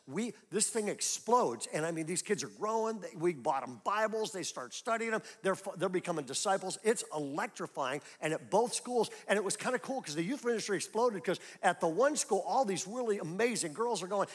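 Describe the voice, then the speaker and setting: A middle-aged male pastor preaching in a church, his voice sitting high for a man. He tells stories in a loose, conversational way, then climbs into loud, emphatic peaks. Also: lively intonation, fairly quick, few pauses, breathy edge. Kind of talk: sermon. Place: church auditorium.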